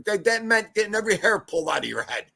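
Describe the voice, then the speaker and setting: A man's voice: high-pitched, big pitch swings, racing, vocal fry, a crowd in the background. A man co-hosting a livestream podcast who tells stories in casual chat and keeps checking in with "okay?". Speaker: livestream co-host.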